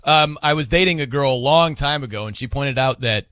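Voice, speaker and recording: A man's voice: medium pitch, fairly quick, no echo. A man hosting a sports radio show in a studio, chatting casually, laughing and telling anecdotes. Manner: lively, laughing, tells anecdotes. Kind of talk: casual on-air banter.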